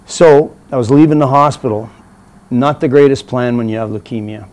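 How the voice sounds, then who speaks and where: A man's voice: medium pitch, moderate pace. A middle-aged man, an interview guest, telling a story casually and acting out the voices of the people in it. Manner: animated storyteller, acts out quoted voices.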